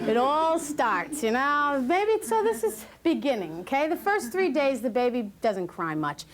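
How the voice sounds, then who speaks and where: A woman's voice: fairly high pitch, a little slow. Joking woman teaching a parenting class. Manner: lively, joking, acts out parents and babies. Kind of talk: lecture to new parents.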